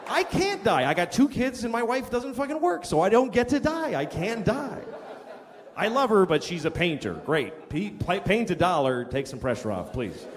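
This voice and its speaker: Middle-aged man, stand-up comedian, high lively voice, crude exasperated rant, mumbled asides. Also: moderate pace. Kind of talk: live stand-up routine. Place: comedy stage before a live audience. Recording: reverberant live venue with audience noise.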